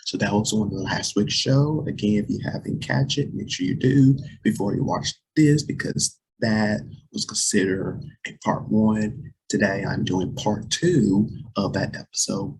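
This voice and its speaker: Creaky, husky-voiced young man hosting. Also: lowish voice, poor audio. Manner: chatty, repeats himself, addresses viewers as you guys. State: voice cracking and dropping deep. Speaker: host. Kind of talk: casual talk to camera.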